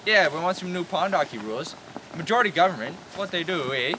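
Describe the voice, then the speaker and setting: A young man playing an easygoing Canadian hoser in an amateur comedy sketch, outdoors, talking in a rambling, halting folksy way with a Canadian accent. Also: a little high, animated, noisy background, lightly acted. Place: outdoors on a snowy hill.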